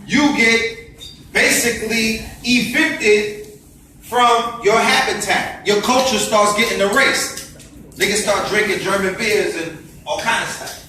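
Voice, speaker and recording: Fiery preachy man, high bright voice. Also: slow pace, a little hiss or hum. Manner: fiery, preachy, piles up rhetorical questions. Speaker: speaker addressing a gathering. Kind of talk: impassioned lecture. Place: indoor event space. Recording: echoey room, voice far from mic.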